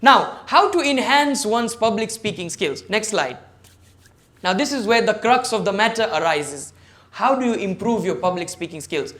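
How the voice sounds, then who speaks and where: Speaking in an online meeting as a guest at a service club forum, a man delivers a motivational lecture on public speaking. His high voice is fairly bright, with lively intonation and moderate pace, and he emphatically lists his points one by one while questioning listeners directly.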